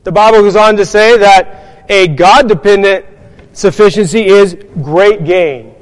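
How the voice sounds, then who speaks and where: A man's voice: sits high, measured pace, in a large hall, rough recording. A man preaching a sermon, earnest and emphatic, putting rhetorical questions to his congregation.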